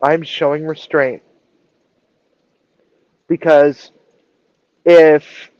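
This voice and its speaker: A woman's voice: deep voice, a little mellow, no echo, highs cut off. A woman chef telling a story in a casual live stream, acting out the dialogue and swearing freely. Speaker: chef and culinary director.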